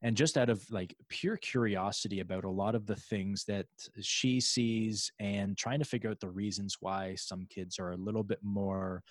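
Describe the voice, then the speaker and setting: A man hosting a casual conversation, rambling with restarts and fillers, sometimes acting out other people's thoughts in a higher voice. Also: steady tone, moderate pace, few pauses, dry recording. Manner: acts out other people's inner voices in a raised pitch. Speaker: podcast host.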